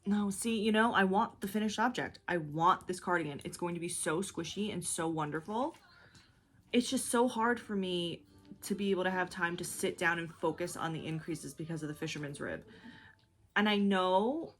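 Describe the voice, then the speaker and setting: A woman's voice: on the low side, a bit bright. A young woman hosting a knitting video, talking in a chatty, rambling way with lots of fillers. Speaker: knitting podcast host. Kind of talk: casual chat.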